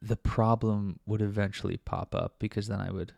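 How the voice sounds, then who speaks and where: Low gravelly man musing aloud. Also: little pitch movement, normal speed, darkish tone, no echo, studio quality. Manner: rambling, many fillers and restarts; talks to himself with self-mocking laughs. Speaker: vlogger. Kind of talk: casual reflective monologue.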